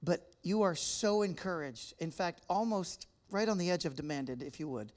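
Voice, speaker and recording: A man's voice: sits high, moderate pace. A man from the United States giving a casual, joking talk to a church audience and chatting with people in the room. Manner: chatty, joking, interacts with the crowd. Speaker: guest speaker. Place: church hall with a live audience.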